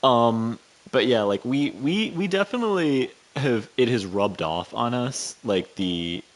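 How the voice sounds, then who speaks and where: A man with a North Carolina accent in casual chat, talking in a rambling, animated way full of fillers. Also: mid-range voice, a little slow. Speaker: co-host.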